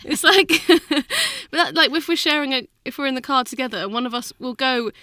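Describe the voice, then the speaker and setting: A woman's voice: high voice, lively intonation, a little fast, bright, forceful tone, dry recording, clean studio sound. A young woman co-hosting a podcast with her mother, giggly and rambling, often leaving sentences unfinished. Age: young adult. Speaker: podcast co-host. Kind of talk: casual chat.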